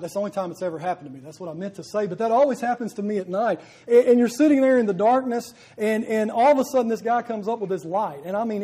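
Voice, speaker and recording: A man's voice: high voice, dark tone, husky. A man preaching a sermon, earnest and building to emphatic peaks, repeating his phrases.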